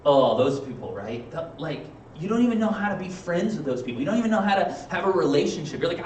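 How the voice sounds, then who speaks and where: A man preaching a sermon in a casual, conversational way, acting out quick playful asides. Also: high-pitched, big pitch swings, a little mellow, slight background noise. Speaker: pastor. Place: church sanctuary. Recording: echoey room, mic from a distance.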